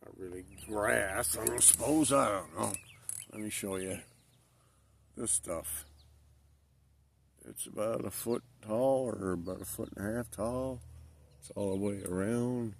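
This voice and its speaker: A middle-aged man from Newfoundland with an Ontario Canadian accent, chatting in a relaxed, rambling way with many hesitations at his campsite. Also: fairly low pitch, a little slow, vocal fry, pauses often. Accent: Ontario Canadian, faint Newfoundland. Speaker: camping vlogger. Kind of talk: casual chat. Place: outdoor campsite in the woods. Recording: distant outdoor mic with faint noise.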